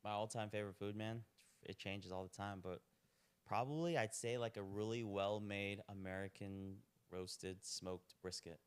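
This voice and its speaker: Lowish smooth young man chatting, laid-back and rambling. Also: fairly even intonation, moderate pace. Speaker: podcast guest, restaurant owner. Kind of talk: casual chat.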